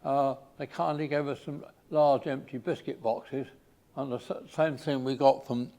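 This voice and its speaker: An older man from England giving an informal slide talk, pausing often with fillers and restarts. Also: medium pitch, level tone, mellow. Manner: halting, with many fillers and restarts.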